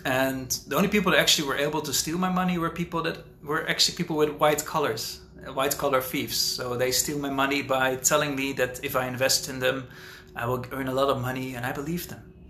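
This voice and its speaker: Talkative man host, casual livestream chat, bright voice, roomy echo with faint ambience. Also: medium pitch, fairly even intonation, a little fast, slight background noise. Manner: rambling, talkative, thinks out loud. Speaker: author hosting a live Q&A.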